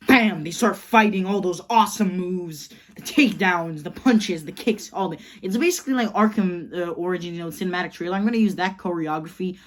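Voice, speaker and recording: Rambling woman with a low voice. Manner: rambling, excited, heavy with fillers. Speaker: channel host. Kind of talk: casual fan pitch of a movie idea.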